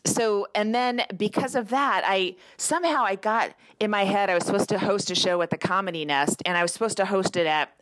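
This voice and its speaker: A woman's voice: medium pitch, brisk, hardly any pauses, a bit bright, dry recording, poor audio. A woman co-hosting a podcast in casual chat, telling stories in restarts and asides, out of breath, recorded in a hotel room. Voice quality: rambling, self-interrupting storyteller. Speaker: podcast co-host.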